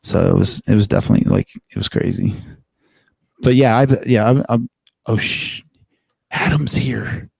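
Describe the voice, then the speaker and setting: A man's voice: lowish voice, brisk, vocal fry, dark tone, no echo. A man from Philadelphia hosting a livestream, rambling and filler-heavy as he chats. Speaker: host and developer. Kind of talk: casual livestream chat.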